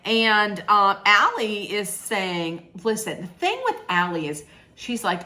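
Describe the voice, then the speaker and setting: A woman's voice: medium pitch, very animated, slow pace, pushed and bright, a little hiss or hum. A woman recapping a reality show in a chatty, sarcastic way, with laughing asides. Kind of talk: casual chat recap.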